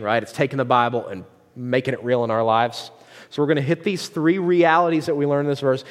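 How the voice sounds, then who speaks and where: A man preaching a sermon as pastor, casual and conversational, with filler words and restarts. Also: mid-range voice. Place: church hall. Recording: long hall reverb.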